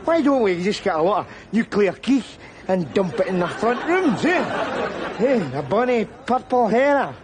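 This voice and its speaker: A ranting Scottish loudmouth. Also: male voice, high-pitched, big pitch swings, measured pace. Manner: ranting, belligerent, mocking. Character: loudmouthed boozy middle-aged Scottish street philosopher. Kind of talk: sitcom acting. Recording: outdoor crowd and noise.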